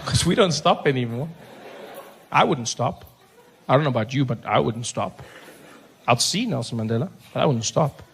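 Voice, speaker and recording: A man in his forties with a South African accent, telling a stand-up story with animated delivery. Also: mid-range voice, normal speed, vocal fry, long pauses, a little hiss or hum. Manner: animated storytelling, lots of voices. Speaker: stand-up comedian. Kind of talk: stand-up comedy.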